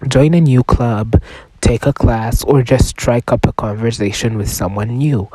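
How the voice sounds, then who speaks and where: A podcast host with a cold, his voice rough, runs a solo self-help show in a loose, chatty way, swearing often and sometimes dropping to a whisper. His mid-range, slightly mellow voice is unhurried, and the recording is poor but has no room sound.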